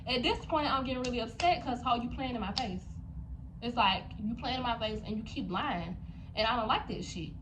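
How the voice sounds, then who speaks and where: In a storytime vlog, a young woman speaks directly to her viewers, heated and swearing as she tells her story. Her voice is a little high and expressive, a little fast, with background noise.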